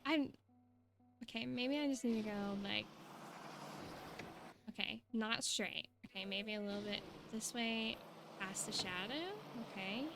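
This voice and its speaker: A woman's voice: mid-range voice, fairly even intonation, unhurried, vocal fry, pauses often, background noise. A young woman, chatting casually and rambling to her stream viewers.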